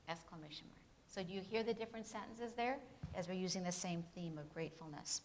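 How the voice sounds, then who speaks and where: A woman with a lowish voice talks fast through an English grammar lesson at a Bible institute, with a little hiss or hum in the background. She directs questions at her students, then answers them herself with tag questions, and emphasizes her example sentences clearly.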